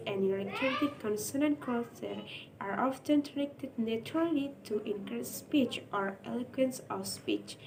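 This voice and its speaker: Brief: young female student, mellow tone, reading script, distant mic. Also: high-pitched. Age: young adult. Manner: reads prepared script. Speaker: student presenter. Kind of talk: class presentation. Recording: distant mic with faint noise.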